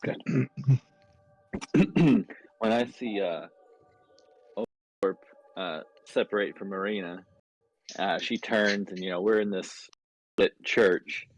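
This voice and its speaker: A man's voice: lowish voice, slow, pauses often, poor audio. A man playing a tabletop game, describing his character's actions hesitantly with fillers. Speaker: player.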